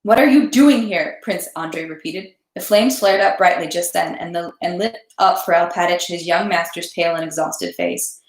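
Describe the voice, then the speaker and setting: A woman reading a classic novel aloud in a steady voice, then chatting casually about the story. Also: on the low side, normal speed, few pauses. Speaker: read-aloud host. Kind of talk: literary narration, then casual chat. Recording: roomy echo.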